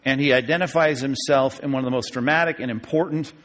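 A man teaching a Bible class, emphatic and digressive, slowing down to stress key words. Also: mid-range voice, a bit bright. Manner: digressive, with fillers and chuckles. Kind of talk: classroom lecture on scripture. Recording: long hall reverb.

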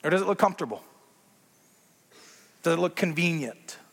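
A man preaching a sermon as pastor, conversational and animated, with playful asides to the congregation. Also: fairly high pitch, normal speed, creaky, in a large hall.

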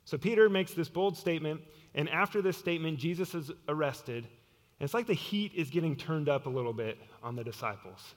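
Male pastor, sermon, earnest, dips to a hush, slightly high voice, long hall reverb. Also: expressive, brisk. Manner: earnest, drops to hushed tones for emphasis.

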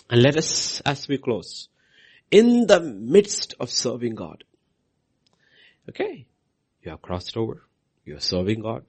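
A man delivers a sermon in a gravelly, husky voice, his pitch leaping and falling with feeling. He swings from loud proclamations down to hushed, near-whispered lines, repeating key phrases for emphasis. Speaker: preacher.

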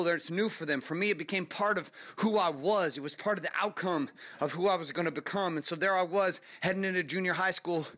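A man's voice: high voice, bright, forceful tone. A man in his forties from California, telling a motivational story on his podcast with emphatic, building intensity. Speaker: podcast host.

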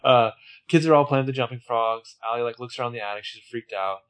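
A man with a mid-pitched voice chats loosely, full of ums and jokes. He sounds relaxed and easygoing. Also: quick pace, clean tone. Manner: laid-back, jokey, lots of fillers. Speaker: podcast co-host. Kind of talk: casual chat.

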